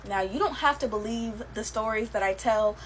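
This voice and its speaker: Brief: young woman, slightly high voice, casual storyteller, faint hum behind. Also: normal speed, rough recording. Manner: chatty, lots of fillers, laughs while telling.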